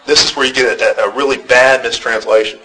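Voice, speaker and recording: A man's voice: mid-range voice, fairly even intonation, a little fast, pushed and bright, slight background noise, low-quality recording. Man teaching a church class. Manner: conversational, asks the class questions, repeats words when restarting. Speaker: Bible teacher. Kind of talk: interactive church class lecture.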